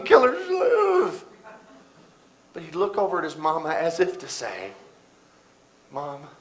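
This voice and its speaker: A middle-aged man with a voice on the high side preaches a sermon, telling a story that swings between loud bursts and hushed, quiet moments. The audio quality is poor.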